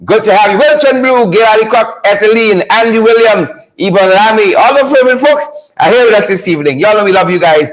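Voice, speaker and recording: A man hosts a live online show with a lot of energy. His voice sits high, and he keeps repeating rallying catchphrases while greeting viewers one by one. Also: a little fast, poor audio.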